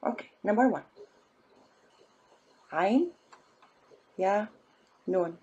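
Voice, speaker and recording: Woman, teacher, very slow delivery, husky voice, patient step-by-step. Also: medium pitch, animated, dark tone, dull audio. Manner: patient, spells out letters and syllables one by one. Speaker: Arabic teacher. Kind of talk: slow step-by-step language lesson.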